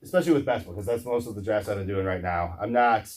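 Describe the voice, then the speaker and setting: Halting low-voiced man, distant mic. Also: darkish tone. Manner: halting, repeats words, apologizes for interrupting. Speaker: podcast co-host. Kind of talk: casual sports podcast chat.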